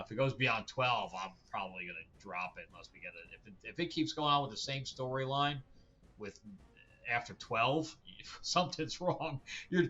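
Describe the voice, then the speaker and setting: A man's voice: mid-range voice, pushed and bright, dull audio. A male host giving a casual, opinionated comic book review that rambles, with many fillers and restarts. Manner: blunt, opinionated.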